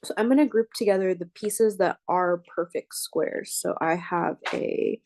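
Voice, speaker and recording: Slow, patient woman math lecturer. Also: fairly low pitch, a little mellow, no echo. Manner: thinks aloud while writing, checks in with listeners. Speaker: math professor. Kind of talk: lecture working problems on a board.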